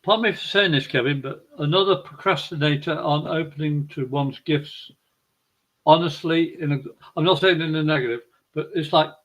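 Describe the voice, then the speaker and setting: A man's voice: a little high, normal speed, low-quality recording. Affectionate, rambling male spiritual reader. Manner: gentle, rambling, affectionate, chuckling. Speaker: psychic reader and co-host. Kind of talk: live-streamed spiritual reading.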